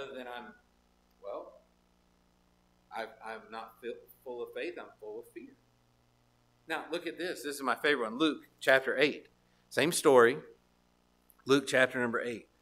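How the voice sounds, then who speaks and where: A man preaching a sermon, reading Bible verses and turning them into conversational rhetorical questions, stopping now and then to clear his throat. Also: medium pitch, moderate pace, long pauses, fairly bright tone.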